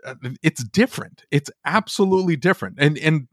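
Fired-up, lively man ranting on a podcast. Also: on the high side, a little fast, dry recording, studio quality. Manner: exasperated, heated, swears casually. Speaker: podcast co-host. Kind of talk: animated ranting podcast conversation.

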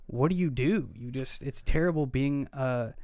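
A man's voice: medium pitch, normal speed, mellow, dry recording, clean studio sound. Earnest man in his thirties telling stories. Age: 30s. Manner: earnest, vivid retelling with quoted dialogue. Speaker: podcast co-host. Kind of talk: casual storytelling.

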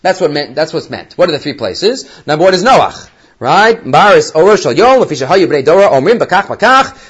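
A man teaching a Torah class in a lively lecturing manner, acting out quoted voices and weaving in Hebrew terms. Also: on the high side, a little fast, slightly rough. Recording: dull lo-fi recording.

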